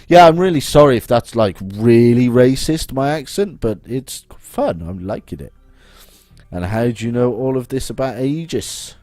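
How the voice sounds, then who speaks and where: A man's voice: mid-range voice, expressive, normal speed, dark tone, no room sound. A man with a Bristol accent, hosting a casual game playthrough and reading the hero's lines in a jokey way. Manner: jokey, reads the hero's lines in his own voice. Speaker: let's play host.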